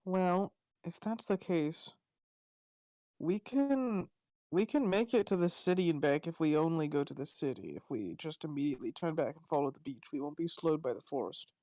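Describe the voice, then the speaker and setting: A man's voice: a little high, lively intonation, moderate pace, warm tone, dry recording. A man playing a tabletop game, talking through travel plans in a blunt, practical way. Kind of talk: casual game chat over voice call.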